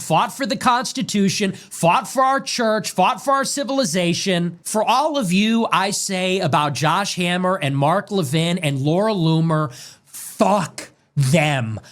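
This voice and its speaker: A man ranting on politics, angry and profane, and his pitch swings wildly from high jabs to low growls. Every line is hammered home with emphasis. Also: a bit bright. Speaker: political commentator. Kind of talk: heated political rant.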